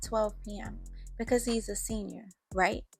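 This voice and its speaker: A woman's voice: mid-range voice, fairly even intonation, measured pace, creaky, faint music behind. A woman doing an impatient gossiping teen girl.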